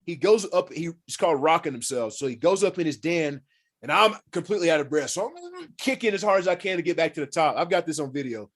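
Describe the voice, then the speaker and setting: A man telling hunting and fishing stories as a podcast guest in casual, animated talk, swearing freely and acting out what people said. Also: fairly high pitch, quick pace. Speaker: podcast guest, former pro football player. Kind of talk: casual storytelling.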